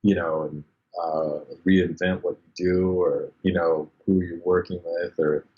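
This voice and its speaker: A man, a bass player, telling stories as a podcast guest, animated and full of fillers, acting out the people he quotes. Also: a little slow. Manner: animated, acts out quoted voices, many fillers. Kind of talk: casual storytelling interview. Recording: dull lo-fi sound.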